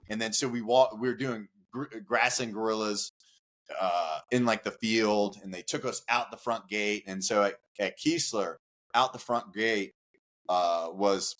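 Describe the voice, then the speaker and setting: A man guest on a podcast, telling a rowdy story casually, with lots of "like" fillers, cursing and acted-out shouts. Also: lowish voice. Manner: animated, profane, many "like" fillers, acts out shouts.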